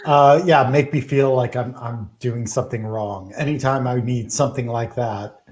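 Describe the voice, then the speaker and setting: Hesitant mid-pitched man in comedy chat. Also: fairly even intonation, normal speed, darkish tone. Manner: hesitant, full of uh fillers and restarts. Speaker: comedy podcast co-host.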